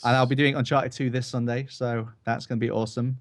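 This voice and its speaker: A man who streams, chatting casually about games in a relaxed, rambling, joking way. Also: medium pitch, quick pace. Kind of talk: casual chat.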